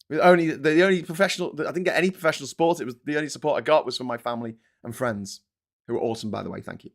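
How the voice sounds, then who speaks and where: A man's voice: on the high side, expressive, fast talker, gravelly. Sweary ranting Scouse man in his forties. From Liverpool, England. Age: 40s. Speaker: host. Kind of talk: casual live-stream commentary.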